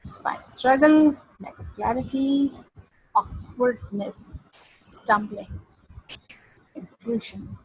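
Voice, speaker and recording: A woman's voice: fairly high pitch, takes it slowly, pauses often, husky, rough recording. Hesitant woman reading a text aloud. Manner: hesitant, many fillers and restarts. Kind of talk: halting read-aloud and discussion.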